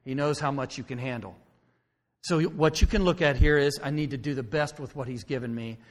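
A male pastor delivers a sermon in a conversational way, pausing often to check in with the congregation. His voice sits at an ordinary middle pitch. The sound carries a long reverb from the church hall. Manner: conversational preaching, frequent "okay?" check-ins. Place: church sanctuary.

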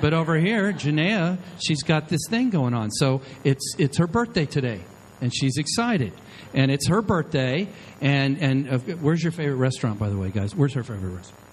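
Male preacher, handheld mic, animated storytelling, faint noise behind. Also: a little high, normal speed, low-quality recording. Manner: animated, acts out quotes of the people in his stories. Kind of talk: sermon storytelling to a live audience. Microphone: handheld microphone.

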